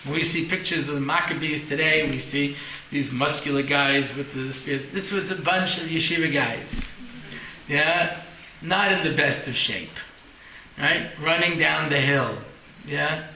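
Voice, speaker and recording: A man's voice: on the high side, a little slow, sharp tone, roomy sound, slight background noise, rough recording. A man teaching a Torah class, telling stories with jokes and acted-out voices and often checking in with "yeah?".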